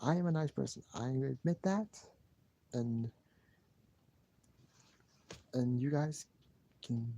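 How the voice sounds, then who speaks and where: A man's voice: mid-range voice, creaky, dark tone. A man chatting casually on a live stream, rambling and repeating himself with sighs and restarts.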